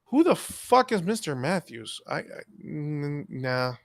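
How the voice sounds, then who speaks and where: Male live streamer, higher register, dry close sound; heated, foul-mouthed, lecturing tone. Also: sing-song, slow, gravelly, dry recording. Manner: heated, profane, scolding the audience. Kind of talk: angry live-stream commentary rant.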